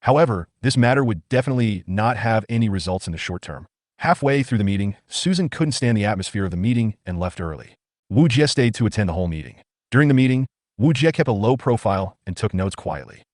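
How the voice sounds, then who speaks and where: A man narrating a manga recap in a brisk, steady storytelling read. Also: lowish voice, no room sound, clean studio sound.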